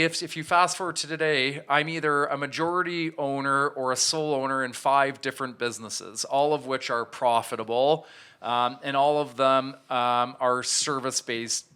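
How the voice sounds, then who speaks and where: A man in his thirties tells his own story as a podcast guest, candid and reflective, often restarting his sentences. His voice is bright, crisp and smooth. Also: mid-range voice. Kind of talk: storytelling in an interview.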